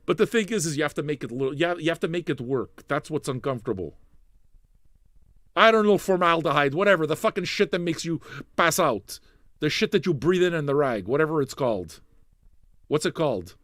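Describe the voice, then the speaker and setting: Animated, foul-mouthed male stream host. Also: a little fast, no echo, studio quality. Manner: profane, rambling, joking with the chat; animated, suddenly loud, then low and mumbling. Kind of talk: casual live-stream chat.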